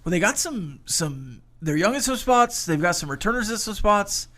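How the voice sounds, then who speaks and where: Higher-voiced West Texas sports host. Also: male voice, big pitch swings, moderate pace, sharp tone. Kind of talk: casual sports talk.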